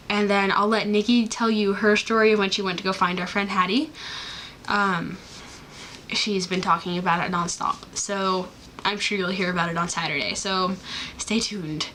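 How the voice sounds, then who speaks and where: A chatty young woman talks casually to her camera, bubbly and rambling, with plenty of fillers and restarts. Her pitch sits in a middling range. Faint hiss runs under her voice. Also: sharp tone, low-quality recording. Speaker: vlogger.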